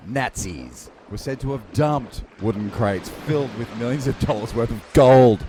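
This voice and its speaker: A man co-hosting a podcast, joking and reading aloud in a lively, halting way. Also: medium pitch, slight background noise. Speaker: podcast co-host. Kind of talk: casual banter.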